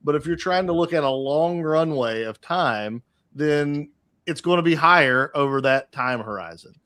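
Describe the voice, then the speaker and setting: A man's voice: fairly high pitch, normal speed, fairly bright tone, clear, resonant tone, no echo. A man on a casual market show explaining his long-term investing view, stammering at the start of sentences and swearing casually.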